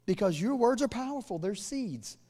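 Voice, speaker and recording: High-voiced man preaching with fervor. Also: sing-song, normal speed. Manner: rising to loud, fervent declarations; humorous asides to the congregation. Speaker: pastor. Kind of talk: sermon.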